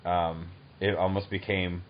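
A man in his thirties hosting an interview podcast, chatty and enthusiastic, quick to laugh. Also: sits low, little pitch movement. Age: 30s. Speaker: podcast host. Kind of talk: casual interview chat. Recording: dull lo-fi recording.

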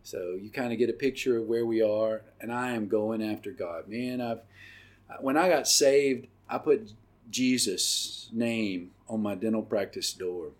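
Earnest low-voiced man testifying. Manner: earnest, halting, with many pauses and fillers. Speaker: podcast host. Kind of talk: personal testimony.

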